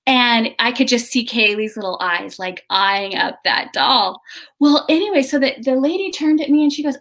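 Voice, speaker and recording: A middle-aged woman hosting a casual video chat, telling a story in an animated way with halting restarts. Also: fairly high pitch. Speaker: host.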